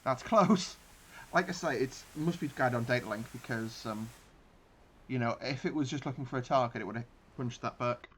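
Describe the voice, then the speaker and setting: A gaming channel host with a mid-range voice speaks briskly over a naval battle game, giving casual commentary as he thinks aloud and keeps restarting his sentences. A slight hiss or hum sits under the recording.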